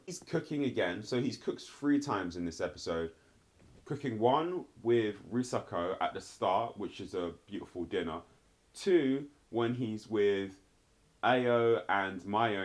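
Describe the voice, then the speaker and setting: A man casually reviewing a TV episode, rambling and filling his talk with "like" and "sort of". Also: lowish voice. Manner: rambling, heavy use of "like" and "sort of". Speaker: TV show reviewer.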